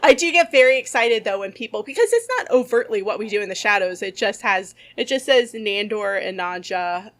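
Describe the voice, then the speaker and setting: A woman's voice: medium pitch, fairly quick, few pauses, fairly bright tone. Chatty woman podcast co-host. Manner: chatty, laughs often while telling stories. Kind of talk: casual chat.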